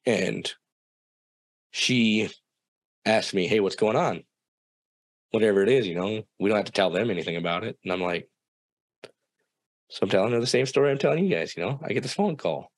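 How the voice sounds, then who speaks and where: Young guy, low and dry, swears freely, acts out quotes in a spoken story. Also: no echo. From South Dakota. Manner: profane, animated storytelling with quoted dialogue. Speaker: guest storyteller.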